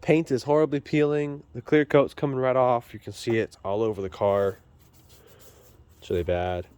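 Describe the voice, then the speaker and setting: This is casual vlogger chat from a man repairing a car in his garage, shot on a handheld phone camera. He talks at a moderate pace in a medium, fairly even voice that is darkish, clear and resonant, and his manner is rambling, chatty and self-deprecating.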